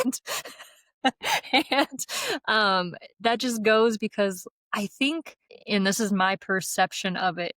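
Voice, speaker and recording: A woman's voice: medium pitch, fairly even intonation, slow, a bit bright, no echo. A young adult woman co-hosting a podcast in casual chat, candid and swearing freely. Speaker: podcast co-host.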